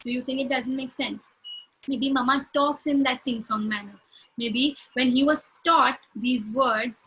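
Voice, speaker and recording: In a casual conversation, a woman who works as a speech-language pathologist explains clinical points with examples, acting out short phrases as she would with a child. Her voice is a little high and sharp-toned. A little hiss or hum marks the low-quality recording.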